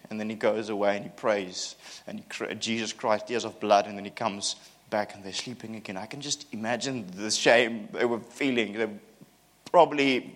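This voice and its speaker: A man preaching a sermon, telling the story in an animated way with self-mocking humor. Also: lowish voice.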